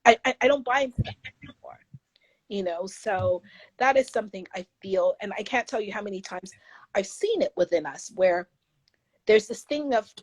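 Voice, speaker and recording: A woman's voice: mid-range voice, animated, normal speed, husky, no room sound. A woman guest author talking in an interview, earnest and emphatic, sometimes taking on the voices of people she quotes. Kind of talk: candid interview conversation.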